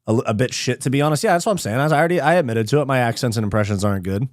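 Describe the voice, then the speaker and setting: A man's voice: mid-range voice, racing, dry recording, studio quality. A man from California, hosting a live fight watch party in a casual, slangy and profane way. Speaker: host.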